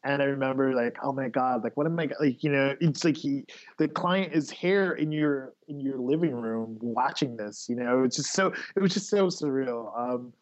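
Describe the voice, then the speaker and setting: A man being interviewed as a guest, speaking excitedly with many fillers and acting out remembered lines. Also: mid-range voice, muffled recording. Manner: excitable, lots of fillers, acts out quotes. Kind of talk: casual interview chat.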